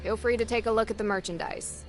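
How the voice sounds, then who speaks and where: An actress playing a tired, exasperated potion merchant in a video game, talking in an everyday, put-upon way. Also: female voice, medium pitch, fast, soft background music, close to an everyday voice. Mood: weary. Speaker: shopkeeper.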